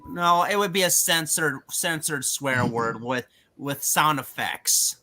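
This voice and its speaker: A man's voice: fairly high pitch, expressive, slow, sharp tone. A young man chatting earnestly as a guest on a casual livestream. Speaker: stream guest friend.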